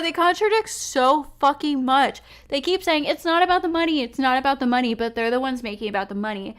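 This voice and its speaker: A young woman reacting on a livestream panel, ranting angrily and swearing constantly. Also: high-pitched. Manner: angry, profane ranting. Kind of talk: heated reaction commentary.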